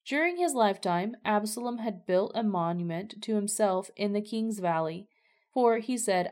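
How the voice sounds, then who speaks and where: A woman reading scripture aloud for a devotional podcast in a clear, steady way. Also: medium pitch, moderate pace. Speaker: scripture reader.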